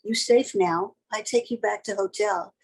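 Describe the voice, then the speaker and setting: A woman voicing a male cab driver who speaks slow, halting broken English to calm a passenger. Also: mid-range voice, slightly rough, poor audio. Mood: soothing.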